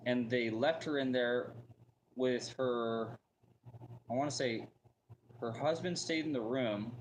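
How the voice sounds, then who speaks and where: A man's voice: mid-range voice, a little hiss or hum, poor audio. Man, mid-range voice, rambling casual storyteller, lots of "like" and "you know". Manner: rambling, full of fillers and restarts.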